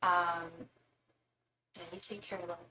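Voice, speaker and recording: A woman's voice: fairly low pitch, little pitch movement, slow pace, pushed and bright, slight background noise. A woman running a live tarot reading stream in casual chat, calling her viewers love and darling.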